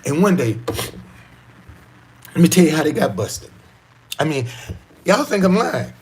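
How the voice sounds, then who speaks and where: Husky, animated D.C. man. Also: on the high side, unhurried. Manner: profane, repetitive, emphatic street talk. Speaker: guest telling his life story. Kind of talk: animated storytelling.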